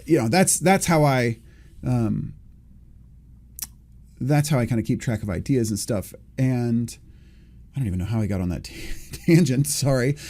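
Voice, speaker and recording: A man in his forties, medium-pitched with a dark tone, hosts a podcast by himself. His talk is reflective and meandering, full of self-corrections as he thinks aloud.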